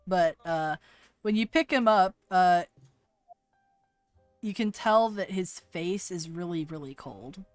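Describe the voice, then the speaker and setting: Slow laid-back woman game master. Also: lowish voice, no echo, faint music behind. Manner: laid-back, casual narration with laughs. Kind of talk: narrating a tabletop game.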